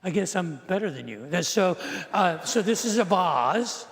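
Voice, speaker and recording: Middle-aged man, pastor, casual storytelling sermon with dry humor and questions to the congregation; high-set voice, reverberant hall. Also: lively intonation, moderate pace. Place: church sanctuary.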